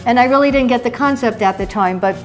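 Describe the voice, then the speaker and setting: A woman from New York, a chef hosting a cooking segment in a home kitchen, telling a story in a chatty, animated way. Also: on the high side, fast talker. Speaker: chef and cooking show host. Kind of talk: casual storytelling chat.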